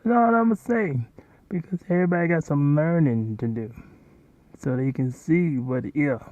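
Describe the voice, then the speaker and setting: A man's voice: fairly high pitch, normal speed, warm tone, no echo. A man hosting, rambling and commenting casually over a video he is playing, often repeating himself. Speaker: host. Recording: dull, lo-fi home recording.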